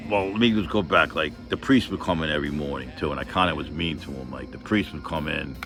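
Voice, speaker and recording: A man's voice: a bass voice, fast talker, music in the background. A man vlogger telling a personal story in a rambling, profane, earnest way, full of filler phrases. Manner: earnest, emphatic.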